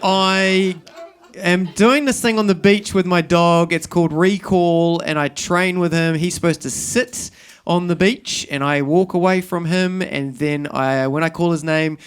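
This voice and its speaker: A man's voice: sits high, unhurried, clean tone. A middle-aged man with a New Zealand accent, doing self-deprecating stand-up storytelling on stage at a live show and acting out scenes. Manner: rambling, self-deprecating, acts out scenes, breaks into shouting. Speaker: stand-up comedian.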